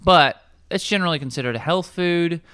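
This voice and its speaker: A young man with a smooth, resonant voice talks casually in an office kitchen. He reads ingredient labels aloud with wry asides and lively emphasis, like a nutrition coach walking a friend through it. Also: fairly high pitch, fairly quick, no room sound, clean studio sound.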